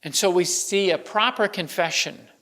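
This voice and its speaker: Pastor preaching in a reverberant church. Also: male voice, high voice, normal speed, sharp tone. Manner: conversational, with many restarts and fillers. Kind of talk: sermon. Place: church sanctuary.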